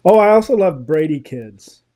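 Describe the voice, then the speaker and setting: Guy guest chatting away, mellow warm tone, laughs a lot, pretty opinionated. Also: on the high side, normal speed. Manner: animated, opinionated, laughing storyteller. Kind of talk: casual interview chat.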